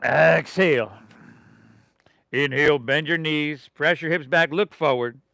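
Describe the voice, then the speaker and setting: A man's voice: on the high side, measured pace, gravelly, bright, forceful tone, no echo, clean studio sound. A middle-aged man from leading a live yoga class, giving rhythmic breath and pose cues with casual, encouraging asides. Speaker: yoga instructor.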